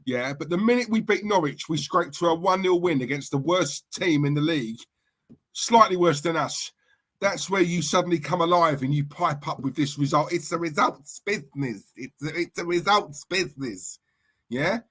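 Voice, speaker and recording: A man's voice: on the high side, normal speed, fairly bright tone. A man co-hosting a fan podcast, teasing and mocking his co-host with incredulous banter. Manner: mocking, incredulous, laughs often.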